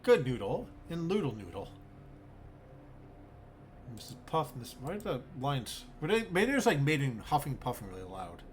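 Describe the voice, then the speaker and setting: A man with a medium-pitched, very animated voice streams a zoo-building game at a moderate pace, musing aloud in a bemused, rambling way and swearing freely. It's casual gameplay commentary, with a little hiss or hum in the audio.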